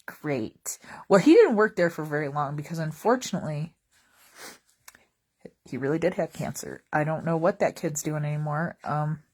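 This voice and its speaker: Wry, lower-voiced woman telling stories. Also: darkish tone, breathy edge. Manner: wry, joking, rambling asides. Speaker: vlogger. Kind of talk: casual comedic storytelling.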